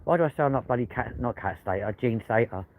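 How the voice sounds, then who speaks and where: A man's voice: medium pitch, lively intonation, fast talker. A man hosting a live walking stream at night, bantering with chat in a cheeky, sweary way. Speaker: livestream host. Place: outdoors on windy city streets at night. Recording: tinny phone audio, loud street noise.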